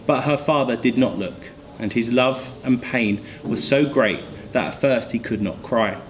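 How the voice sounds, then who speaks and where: Guy reading a story aloud, mid voice, slows for the refrains, faint hiss. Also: mid-range voice, rough recording. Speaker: school staff reader.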